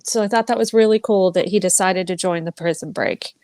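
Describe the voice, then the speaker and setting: A woman's voice: medium pitch, fairly quick, a little mellow, dry recording. A woman co-hosting a casual book chat, talking in an easygoing way and thinking aloud as she recalls the plot.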